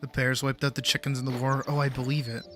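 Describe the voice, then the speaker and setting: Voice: mid-range voice, little pitch movement, fast talker, a bit bright, faint music behind. A young adult game streamer chatting casually and swearing freely while playing. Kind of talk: casual gameplay commentary.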